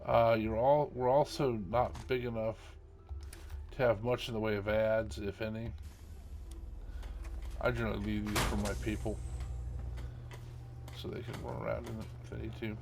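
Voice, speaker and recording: A man's voice: fairly low pitch, level tone, normal speed, creaky, pauses often, music in the background. A middle-aged man hosting a gaming channel, chatting casually over gameplay in a rambling way, with many fillers and chuckles.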